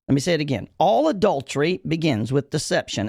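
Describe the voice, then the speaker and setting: A man preaching as a podcast host and pastor, emphatic and folksy, repeating his key lines slowly so they sink in. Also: a little high, sing-song, creaky, darkish tone, dry recording, studio quality. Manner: folksy, addresses listeners as y'all. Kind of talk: preaching-style podcast talk.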